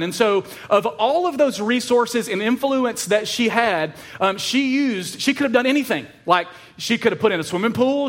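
A man preaching a sermon in a casual, conversational way, with frequent fillers and restarts. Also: sits high. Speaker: pastor.

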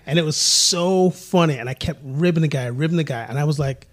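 Middle-aged male guest, slightly higher voice, playful storyteller. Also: fairly quick. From England. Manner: playful, laughs often, acts out quotes. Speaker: podcast guest. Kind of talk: casual interview chat.

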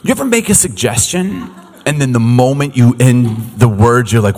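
A man in his thirties, a youth pastor preaching a sermon as an animated storyteller who laughs often. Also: medium pitch, normal speed. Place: church hall. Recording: echoey hall.

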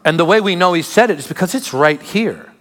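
A man's voice: sits high, lively intonation, brisk. Preaching man in a reverberant hall. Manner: emphatic preaching with sudden drops to quiet asides. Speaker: pastor. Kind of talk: sermon.

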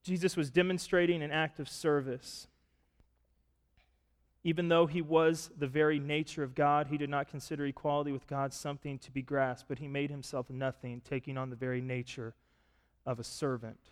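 A man preaching a sermon, retelling a story and asking listeners to picture it, rising to loud, emphatic points. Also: on the high side, level tone, normal speed, clean tone. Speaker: pastor. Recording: long reverb of a large hall.

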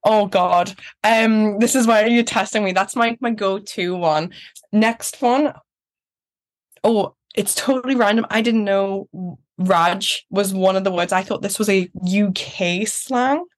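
A woman's voice: mid-range voice, unhurried. A young woman from Newcastle with a mild Geordie accent, a guest chatting in a friendly way and laughing easily. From Newcastle, England. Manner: friendly, laughs easily, acts out quoted voices. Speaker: pageant finalist guest. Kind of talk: casual interview chat.

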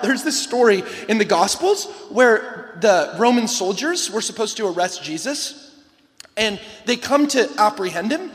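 A man giving an energetic youth camp sermon to a lively crowd, shouting at times and joking between points. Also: high voice. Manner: animated, shouting to a rowdy crowd, playful asides. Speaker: camp guest speaker. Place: large hall with a live audience. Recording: long hall reverb.

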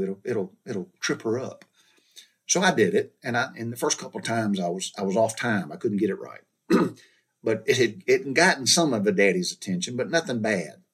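A man's voice: on the low side, a bit bright, slightly rough. A middle-aged man with a Southern American accent, telling a childhood story in a folksy, rambling way, often repeating and restarting his words. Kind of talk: casual personal storytelling.

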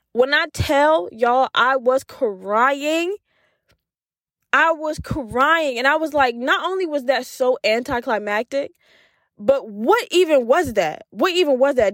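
A woman hosting a podcast, telling a story in a casual, animated way and acting out the voices she quotes, laughing often. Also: fairly high pitch, no echo, studio quality. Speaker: podcast host.

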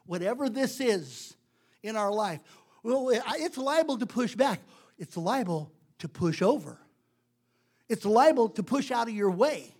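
A man preaches in a casual, conversational way, leaning on repetition for emphasis. His voice sits very high for a man. The delivery stays emphatic and direct. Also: expressive, measured pace, a little mellow, husky. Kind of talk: sermon.

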